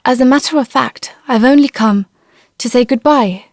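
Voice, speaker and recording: A woman's voice: mid-range voice, steady tone, a little slow, darkish tone, no room sound, close to an everyday voice. Nervous young suitor, stammers, woman narrator puts him on, dry close mic. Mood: flustered. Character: nervous shy young Englishman.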